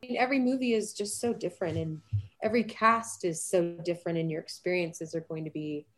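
Brisk and fairly low in pitch, this woman is an actress in her thirties appearing as an interview guest. The chat is casual, and she tells stories animatedly with lots of laughter.

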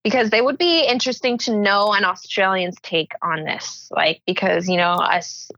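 A woman's voice: mid-range voice, normal speed, sharp tone, no echo, lo-fi sound. A young American woman co-hosting a podcast in casual chat, giggly and saying "like" constantly. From United States. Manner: giggly, filler-heavy, says "like" constantly. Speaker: podcast co-host.

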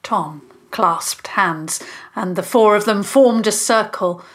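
A woman narrating a children's story in an expressive, scripted way. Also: medium pitch. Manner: slow, expressive.

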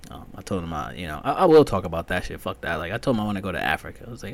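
A man hosting a solo podcast, talking in a rambling, profane way that swings from muttering to loud, high-pitched ranting. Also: very animated, racing, gravelly, few pauses. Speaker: podcast host.

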